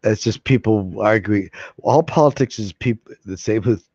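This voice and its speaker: A man's voice: on the low side, moderate pace, darkish tone, breathy edge, dry recording. A man hosting a casual live stream, chatting in a rambling, joking and loose way. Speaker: livestream host. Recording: dull lo-fi stream audio.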